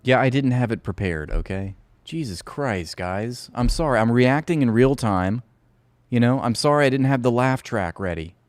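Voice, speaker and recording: A man's voice: mid-range voice, expressive, moderate pace, no room sound. A man hosting a live reaction stream, talking in a sarcastic, profane and rambling way.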